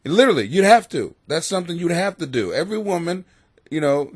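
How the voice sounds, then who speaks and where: A man's voice: a little high, very animated, a little fast, breathy edge, no room sound, clean studio sound. A man hosting a show from his basement, ranting bluntly and crudely with a lot of swearing. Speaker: host. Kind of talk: profane comedic rant to camera. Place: home basement.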